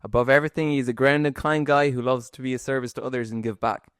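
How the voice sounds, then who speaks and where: A man's voice: medium pitch, flat delivery, fast talker, a bit bright, smooth, dry recording, clean studio sound. A man with an Irish accent hosting a casual podcast interview, chatty and slangy, with plenty of fillers. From Ireland. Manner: laid-back, slangy, chatty with lots of fillers. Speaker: podcast host.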